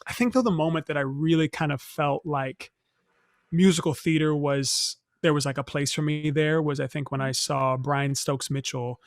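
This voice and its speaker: A young man from Northern California, a stage actor as interview guest, telling stories in a reflective, soft-spoken way with many fillers and restarts. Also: a little high, fairly even intonation, moderate pace, no room sound, studio quality. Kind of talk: casual interview storytelling.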